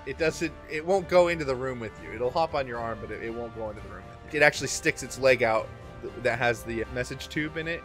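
A man narrating a tabletop game as game master, in a casual, halting way with many restarts. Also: mid-range voice, a bit bright, soft background music.

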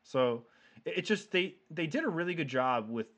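A man's voice: fairly high pitch, animated, moderate pace, fairly bright tone. A man hosting a casual film discussion podcast, chatty and analytical with many fillers like "um" and "like". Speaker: podcast host who picked the film.

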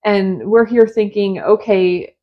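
A woman's voice: medium pitch, slow, muffled recording. A woman co-hosting a casual podcast, recapping a film's plot in a chatty, conversational way. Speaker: podcast co-host. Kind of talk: casual movie review chat.

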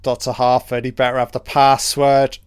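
A man giving a casual, profane watch-along commentary on a film, reacting out loud to what is on screen. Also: mid-range voice, completely flat delivery, normal speed, clear, resonant tone, dry recording.

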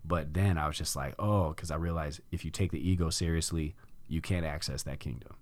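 A man's voice: very deep voice, fairly even intonation, fairly quick, a little mellow, dry recording. A middle-aged man hosting a podcast, telling a personal story in casual conversation and acting out his own past reactions. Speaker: podcast host.

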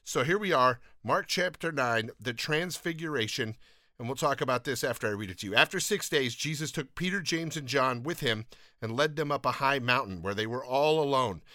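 A man's voice: medium pitch, animated, moderate pace, bright, forceful tone, dry recording, clean studio sound. A man hosting a Bible podcast, talking in an earnest, enthusiastic and self-deprecating way, often restarting his sentences, and reading scripture aloud. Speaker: podcast host.

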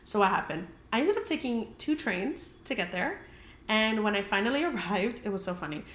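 A woman's voice: medium pitch, sing-song, moderate pace, fairly bright tone, slight background noise. A young woman casually telling a story as a podcast host, chatty and full of "like", swearing freely. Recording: roomy echoey room.

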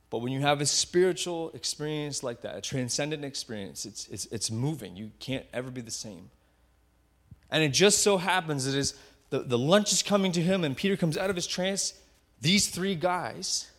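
A male pastor delivering a sermon as an unhurried story, his pitch sitting in an ordinary middle range. He paints scenes vividly, often sinking into hushed, quiet tones for weight. Now and then he repeats a word while he gathers his thought. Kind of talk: sermon retelling a Bible story.

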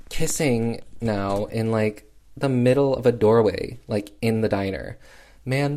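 A man's voice: medium pitch, a little mellow. A man casually recapping an old film with sassy, chatty commentary. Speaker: film reviewer.

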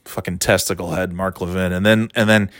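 A man's voice: deep voice, steady tone, fairly quick, a bit bright, no echo, studio quality. A man ranting casually as a podcast host, rambling and sarcastic, swearing a lot. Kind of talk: casual profane rant.

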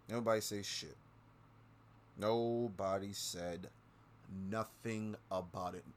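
A podcast host speaks slowly with frequent pauses as he delivers a profane political rant on his own show. He swears constantly, repeats lines for emphasis, and swings between low mutters and loud outbursts.

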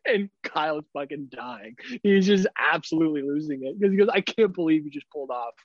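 A man in his thirties, a podcast co-host, swearing and laughing as he tells animated stories in casual chat. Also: a little high, fairly quick, dry recording, lo-fi sound. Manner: animated storyteller, swears a lot, laughs often.

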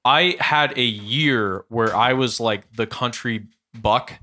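A young man with a Southern American accent, chatting casually and telling animated, laughing stories. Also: medium pitch, takes it slowly. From Southern United States. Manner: animated storyteller, laughs often. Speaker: podcast guest. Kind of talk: casual chat.

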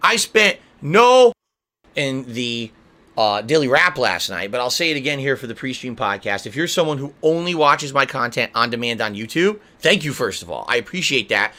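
A man's voice: medium pitch, sing-song, normal speed, sharp tone. A man hosting a casual stream podcast, ranting and swearing at his audience. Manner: profane, ranting. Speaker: streamer host. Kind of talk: casual livestream podcast chat.

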